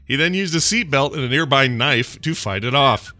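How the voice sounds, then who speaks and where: A man's voice: mid-range voice, lively intonation, moderate pace, pushed and bright, no room sound, soft background music. A man hosting a podcast, reading news stories aloud with joking asides in casual chat. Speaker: podcast host.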